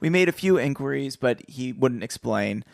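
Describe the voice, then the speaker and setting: A man's voice: medium pitch, lively intonation, normal speed, gravelly, dry recording, clean studio sound. A man voicing an eager teenage boy sleuth in a book read aloud, with a raised, keen delivery.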